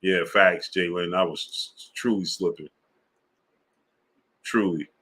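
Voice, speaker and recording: A man hosting a sports live stream, chatting casually in slang and shouting out viewers by name. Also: deep voice, steady tone, a little slow. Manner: laid-back, slang-heavy, shouting out viewers. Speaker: sports channel host. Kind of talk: casual live-stream chat reading super chats.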